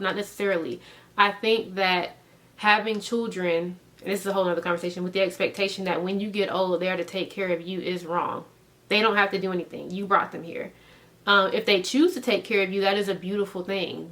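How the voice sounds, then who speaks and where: Animated woman in her thirties reviewing books. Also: mid-range voice. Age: 30s. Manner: animated, emphatic, rhetorical questions. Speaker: book reviewer. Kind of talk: casual book review vlog.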